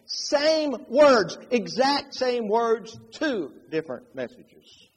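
Man, sermon, husky voice, high pitch. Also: takes it slowly, few pauses, long reverb tail, poor audio. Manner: animated, dramatizes quotes with shifting loudness. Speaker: preacher.

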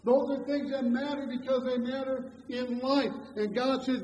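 A high-voiced man delivers a sermon, with loud, drawn-out emphasis that falls to hushed storytelling. The sound is dull and lo-fi, carrying a long echo from a large hall. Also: steady tone. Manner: emphatic, swings from loud slow stresses to quiet storytelling. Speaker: preacher.

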